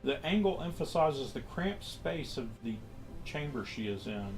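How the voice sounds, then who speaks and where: Slow, expressive man narrating a game. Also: on the high side, music in the background. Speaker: game master. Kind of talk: narrating a horror tabletop game.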